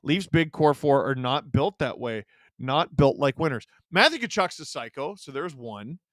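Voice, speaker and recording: A man's voice: medium pitch, expressive, moderate pace, no room sound, clean studio sound. A man hosting a live stream, giving casual sarcastic commentary while watching a game and reading chat questions aloud. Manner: sarcastic, joking banter.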